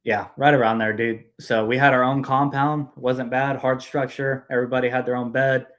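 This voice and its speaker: A young man chatting loosely on a podcast, spinning a story with plenty of swearing and "dude" in every other line. His voice sits at an ordinary middle pitch, relaxed and unpolished. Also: moderate pace. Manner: storytelling, heavy profanity, lots of "dude". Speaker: podcast guest. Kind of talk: casual chat.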